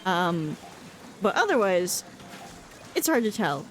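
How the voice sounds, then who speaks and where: A woman's voice: mid-range voice, big pitch swings, takes it slowly, slight background noise. A woman with a Boston accent chatting casually while streaming a game, laughing often and filling with "like". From New England. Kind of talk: casual chat while gaming.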